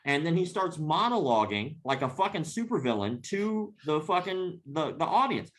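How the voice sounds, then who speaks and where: A man's voice: a little high, big pitch swings, moderate pace, hardly any pauses, a bit bright, slight background noise. A man, a podcast guest, telling a long anecdote in casual, profane talk and often laughing as he goes. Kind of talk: casual storytelling.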